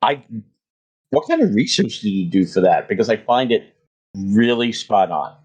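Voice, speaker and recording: A man's voice: fairly low pitch, sing-song, moderate pace, a little mellow, husky, low-quality recording. A man hosting a casual gaming podcast interview, conversational and enthusiastic. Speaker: podcast host.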